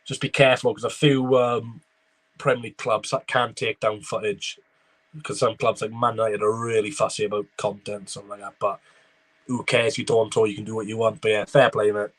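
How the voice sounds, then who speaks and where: A man's voice: on the low side, little pitch movement, brisk. Chatty man giving live match reactions. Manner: chatty running commentary, reading out viewer messages. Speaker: football watchalong streamer.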